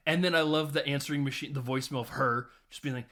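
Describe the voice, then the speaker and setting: A podcast host with a fairly high voice talks a little fast as he casually recaps a movie. He's animated, laughs often, and acts out lines by doing the voices of film characters.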